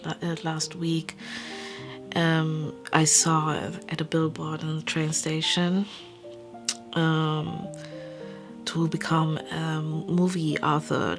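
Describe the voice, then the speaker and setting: A young woman in her twenties talks casually and candidly in a lowish voice. She rambles through her thoughts with many fillers and drops into soft, whispered asides. Music plays clearly behind her. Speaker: vlogger. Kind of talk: casual chat.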